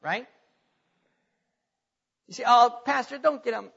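A pastor, a man, preaches a sermon in a high, bright voice. He talks to his congregation in a conversational way and grows forceful when he retells scripture. The recording is muffled and lo-fi, with a long reverb from the church hall. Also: slow pace, creaky, slightly rough.

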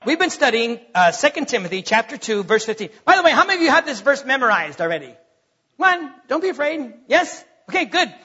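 A male pastor with a strikingly high, bright and husky voice, working through a sermon in an emphatic, teacherly way and checking in with the congregation. The sound is dull and lo-fi, with the long reverb of a church sanctuary. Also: very animated, a little fast.

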